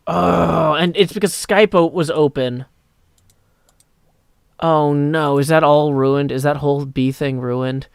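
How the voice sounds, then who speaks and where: A man chatting casually on a live stream, reading chat aloud and rambling through answers on a desk mic that clips when loud. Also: on the high side, fairly even intonation, takes it slowly, creaky, clear, resonant tone, dry recording, studio quality.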